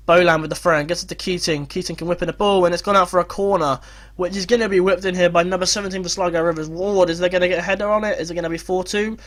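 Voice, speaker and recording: Young man, fairly high voice, excitable gaming commentary with yelling at big moments. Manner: shouts and cheers at goals, frantic play-by-play. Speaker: gaming YouTuber. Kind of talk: excited football game commentary.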